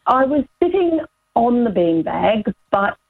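A woman's voice: fairly high pitch, very animated, measured pace, creaky, breathy edge, dry recording, phone-quality sound. A woman calling in to a radio show, telling her story in a laid-back, sheepish way. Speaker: caller. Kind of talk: phone-in chat.

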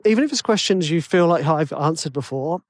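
A man's voice: fairly high pitch, expressive, a little fast, no room sound. A man with a tenor voice hosting a podcast, rambling and self-deprecating in casual chat full of fillers. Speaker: podcast host.

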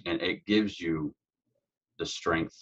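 A man's voice: sits low, steady tone, slow, a bit bright, husky. A man speaking as an interview guest about his true crime work, earnest and heartfelt, on dull lo-fi audio. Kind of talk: conversational interview.

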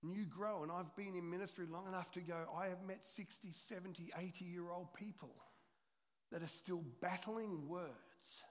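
A middle-aged man preaching a sermon as a pastor, swinging between loud urgency and hushed, intimate storytelling. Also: high voice, steady tone, normal speed. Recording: long hall reverb.

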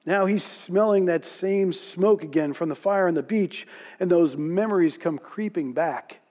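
A man telling a Bible story in a sermon, slowing and softening when he voices quoted lines. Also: high voice. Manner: storytelling, voicing quoted lines softly and slowly. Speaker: preacher. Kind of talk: sermon narration.

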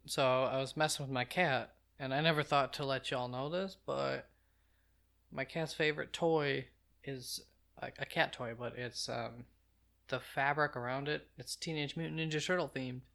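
A man's voice: medium pitch, unhurried, gravelly, fairly bright tone. A man narrating a casual film review with chatty, offhand asides.

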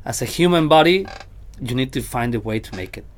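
A man who is a vocal coach, guesting on a casual podcast and talking in a halting, animated way with many restarts. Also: mid-range voice, slight background noise.

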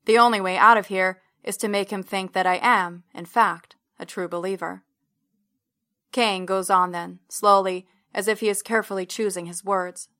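Female audiobook narrator, bright tone, flat delivery, measured first-person storytelling. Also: medium pitch.

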